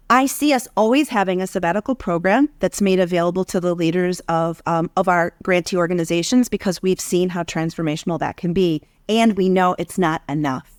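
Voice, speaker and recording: A woman who leads a foundation program, speaking in an earnest, measured, reflective way in a podcast conversation. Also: on the low side, no echo, clean studio sound.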